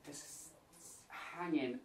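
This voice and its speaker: A man speaks as a medium, feeling his way through impressions with many pauses and fillers. He sounds distant from the mic in an echoey room. Faint noise sits underneath. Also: fairly high pitch. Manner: hesitant, searching, many fillers. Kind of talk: describing psychic impressions on location. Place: indoors at an old inn.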